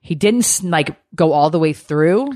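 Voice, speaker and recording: A woman co-hosting a podcast, telling a story in a casual, animated way and swearing freely. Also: low voice, moderate pace, dry recording, clean studio sound. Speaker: podcast co-host.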